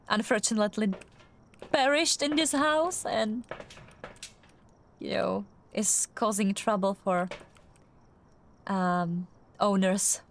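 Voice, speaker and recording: A woman's voice: mid-range voice, slight background noise. A young woman streamer with a non-native English accent, chatting through a game with many fillers and restarts. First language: not English. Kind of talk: casual gameplay commentary.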